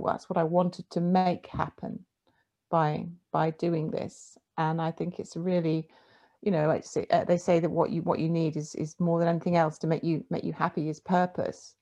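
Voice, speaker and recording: A woman writer in conversation, telling animated, self-mocking stories. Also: low voice, normal speed, vocal fry. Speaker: writer, interviewee. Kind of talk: casual conversation.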